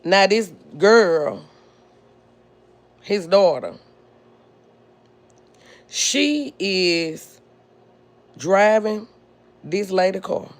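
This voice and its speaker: A woman's voice: mid-range voice, expressive. A woman hosting a podcast, telling a personal family story in a blunt, indignant way. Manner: blunt, indignant, drawn-out delivery. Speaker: podcast host.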